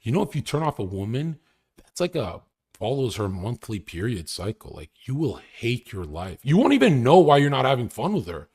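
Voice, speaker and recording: A man's voice: medium pitch, very animated, moderate pace, darkish tone, husky. Crude boastful young man streaming. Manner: crude, boastful, laughing often. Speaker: livestreamer. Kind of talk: casual live-stream rant.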